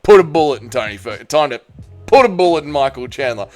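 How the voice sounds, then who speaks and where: A man voicing a gruff male fight promoter who barks blunt orders. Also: fairly high pitch, big pitch swings, quick pace, faint music behind. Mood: commanding. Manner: blunt, commanding.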